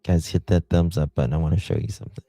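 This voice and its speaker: A man's voice: sits low, fairly even intonation, fast talker, dark tone, dry recording, studio quality, soft background music. A man hosting a live stream, chatting sarcastically with his viewers. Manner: sarcastic, talks to chat viewers. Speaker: livestream host. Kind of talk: casual live-stream commentary.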